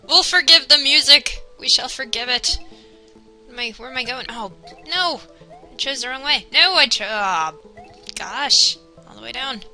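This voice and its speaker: A young woman giving casual, excitable commentary while playing a video game, talking to herself and the game. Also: fairly high pitch, rough recording. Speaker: let's player. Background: game music.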